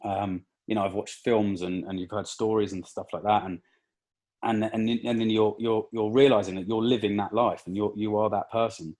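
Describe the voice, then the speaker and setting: Low-voiced young man, halting and emotional. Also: level tone, darkish tone. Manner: halting, with many restarts and fillers, emotional. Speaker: podcast guest. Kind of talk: emotional personal story in casual conversation.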